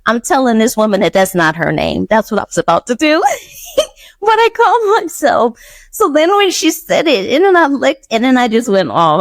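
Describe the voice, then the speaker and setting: A woman hosting a podcast, telling a personal story in a casual, animated way, acting out quotes and laughing often. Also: mid-range voice, normal speed, no echo. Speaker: podcast host.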